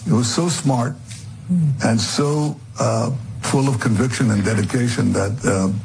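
A man, a political leader, answering interview questions earnestly, with halting restarts. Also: mid-range voice, creaky, darkish tone, a little hiss or hum, rough recording.

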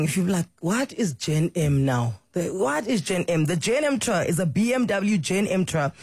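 A woman hosting a radio show, teasing and quick-witted in casual banter and promo reads. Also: mid-range voice, a little mellow, husky, no echo. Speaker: radio host. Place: radio studio.

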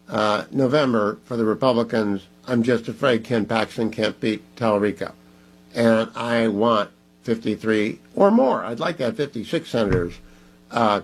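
A man hosting a talk radio show, making emphatic, preachy appeals to listeners in a husky voice. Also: mid-range voice.

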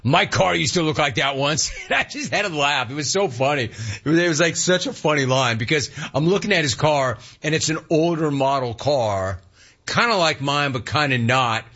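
A man's voice: on the high side, expressive, moderate pace, sharp tone, highs cut off. A man hosting a casual talk radio show and reading listener complaints, talking in slang and repeating words for emphasis.

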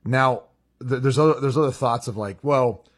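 Husky man talking sports business. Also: medium pitch, moderate pace. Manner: earnest, repeats words while thinking aloud. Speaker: sports radio co-host. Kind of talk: sports talk analysis.

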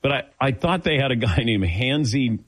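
A middle-aged Midwestern man hosts a sports talk radio show, laid-back and chuckling as he tells stories. His mid-range voice is expressive with a breathy edge and a normal speed. It's a dry studio-microphone recording.

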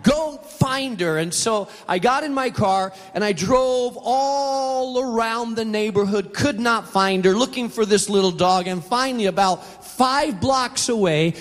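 A middle-aged pastor with a notably high voice preaches in an animated, storytelling manner. His words ring out with a long reverb across a large auditorium. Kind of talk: sermon.

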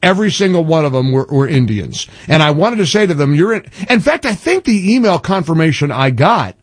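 Animated husky talk radio man. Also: a little high, a little fast, no room sound. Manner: animated, emphatic, frequent restarts. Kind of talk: political talk radio chat.

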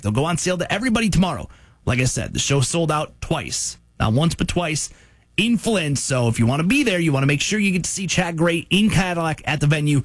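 Morning rock DJ, male, husky dry voice, animated pitch, brisk promo reads. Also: no room sound. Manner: brisk announcer delivery, laughs easily. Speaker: radio host. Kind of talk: morning radio show, ads and banter.

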